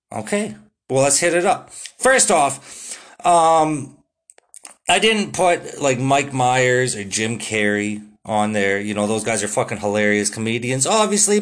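A young man hosting his podcast, talking casually and excitedly, full of swearing and "dude" and "like". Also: mid-range voice. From Canada. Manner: profane, excitable, drawn-out "dude" and "like" fillers. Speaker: podcast host. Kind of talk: casual solo podcast monologue.

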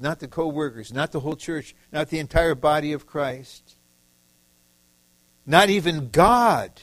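A man's voice: on the high side, dry recording, rough recording. A man from the Detroit area preaching a sermon, emphatic and repetitive, acting out short quoted lines. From Detroit area, USA.

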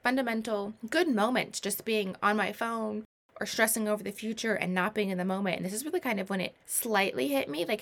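Animated woman in her twenties telling a story. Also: mid-range voice, fast talker, gravelly. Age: 20s. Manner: animated, self-mocking, rambling asides. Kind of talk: casual storytelling to camera.

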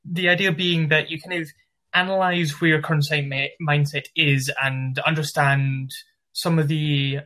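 Man with glasgow accent, podcast guest, measured, articulate, somewhat high voice. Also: flat delivery, pushed and bright, poor audio. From Scotland. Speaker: podcast guest, mindset development practitioner. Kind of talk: explaining in an interview.

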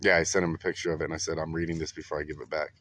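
A man's voice: a bass voice, level tone, very fast, a bit bright, a little hiss or hum. A young man co-hosting a casual podcast, bantering and laughing easily. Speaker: podcast co-host. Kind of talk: casual chat.

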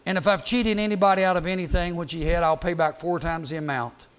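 A man's voice: sits high, steady tone, fast, fairly bright tone, clean tone. A man playing a grateful, repentant tax collector who eagerly promises to pay everyone back.

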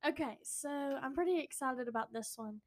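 A woman co-hosting a church youth podcast, reading verses slowly and carefully. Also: high voice. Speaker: podcast co-host. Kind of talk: casual chat and scripture reading.

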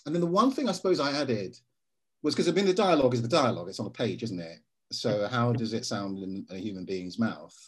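A man, an actor being interviewed, telling stories in a lively way and slipping into voices for quotes. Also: medium pitch, fairly quick. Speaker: actor guest. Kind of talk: casual interview.

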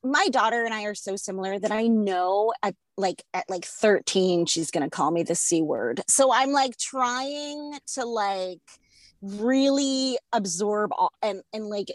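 A woman's voice: mid-range voice, a little slow, no echo. A woman in her thirties casually telling a comic story, swearing freely and mocking herself. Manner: profane, self-mocking, animated storyteller.

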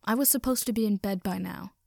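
A woman's voice: medium pitch, brisk, vocal fry, warm tone, no echo, clean studio sound. A woman doing a weary, exasperated young man. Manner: weary, groaning.

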